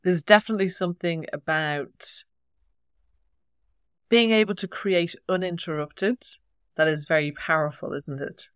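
A woman's voice: on the low side, measured pace, smooth, no echo, clean studio sound. An Irish woman with an Irish accent interviewing a guest, asking short, encouraging questions. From Ireland. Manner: brief, encouraging questions and replies. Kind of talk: conversational interview.

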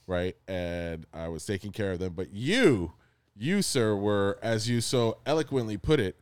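A man's voice: on the low side, measured pace, smooth, no echo. Man, nasal, teasing, tired, podcast co-host, dry close sound. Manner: teasing, laughs a lot, lively. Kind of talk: casual chat.

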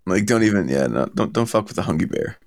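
A man with a very low voice hosts a casual interview. He asks his questions in a relaxed, friendly way, and the sound is dry with no room echo. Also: fast talker, gravelly. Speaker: podcast host.

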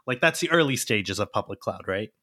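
A man's voice: fairly low pitch, expressive, brisk, sharp tone, dry recording, clean studio sound. A man co-hosting an interview, asking casual, leading questions. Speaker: co-host. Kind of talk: conversational interview.

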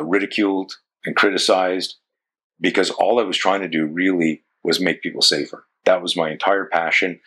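Canadian man, 60s, low forceful husky voice; rambling interview guest, swears casually. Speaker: self-defense coach, guest.

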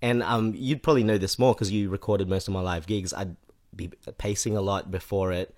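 A man's voice: fairly low pitch, steady tone, a little fast, darkish tone. A man chatting casually as a podcast guest, rambling and correcting himself with lots of fillers. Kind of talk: casual chat.

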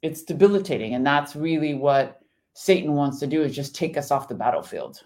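A woman's voice: sits low, expressive, fairly quick, a little mellow. A woman co-hosting a devotional chat, speaking in an earnest, emphatic way. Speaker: co-host.

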